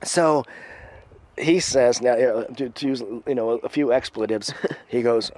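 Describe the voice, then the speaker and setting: A man telling a long story in casual talk. He acts out the voices of the people in it and drops to a hush at the tense moments. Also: mid-range voice, measured pace, slight background noise.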